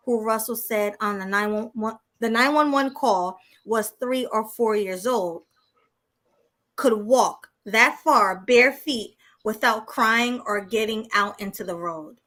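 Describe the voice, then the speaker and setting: Woman co-host, bright forceful tone, slightly high voice, sassy and blunt, reads news then riffs. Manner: laughs often, blunt and sassy. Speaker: podcast co-host. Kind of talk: reading news aloud and casual chat.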